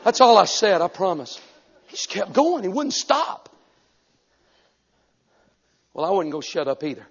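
A man preaching a sermon as an evangelist, telling a story animatedly and breaking into sudden shouts. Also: sits high, sing-song, a little slow, pauses often, husky. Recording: echoey hall, dull lo-fi sound.

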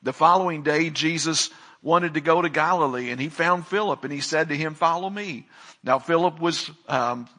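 In this sermon, a male pastor reads from the Bible, prays, and then preaches with mounting emphasis. He speaks at a normal speed in a fairly high voice with a sharp tone.

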